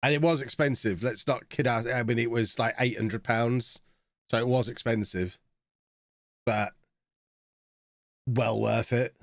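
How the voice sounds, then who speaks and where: A man's voice: medium pitch, fairly even intonation, a little slow, pauses often, dry recording, clean studio sound. A man in his thirties, chatting casually with viewers while reacting to a live game stream.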